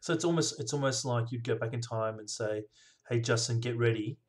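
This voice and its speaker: A man hosting a casual interview, upbeat and affirming, often answering with quick "yes" replies. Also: mid-range voice. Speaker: podcast host.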